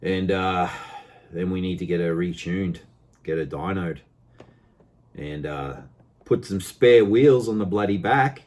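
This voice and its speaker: A man's voice: sits low, measured pace, darkish tone. An Australian man ranting casually in a car vlog, frustrated and swearing freely between jokes. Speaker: car vlogger.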